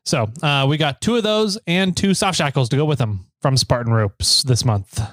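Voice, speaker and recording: A man co-hosts a casual podcast from a small studio. He is chatty and laughs easily. His voice sits a bit high and sounds dry and close. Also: moderate pace, fairly bright tone, dry recording. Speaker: podcast co-host.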